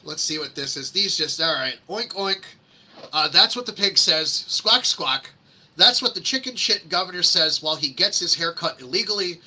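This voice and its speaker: A man's voice: a little high, lively intonation, a little fast, hardly any pauses, pushed and bright, slight background noise. A man reading complaints aloud on a live screen-share and mocking them with sarcastic asides, rambling with many fillers. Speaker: host reading public complaints. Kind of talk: casual screen-share commentary.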